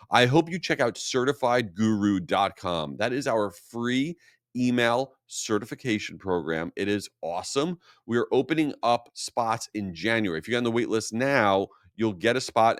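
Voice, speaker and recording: A man hosting a solo marketing podcast, talking casually and telling stories with a self-mocking, animated manner. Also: medium pitch, no echo, clean studio sound. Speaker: podcast host.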